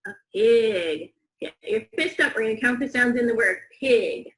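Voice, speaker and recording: A woman teaching young students a phonics lesson, slow, clear and encouraging, with call-and-response counting. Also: fairly high pitch, expressive, a bit bright, roomy sound, poor audio.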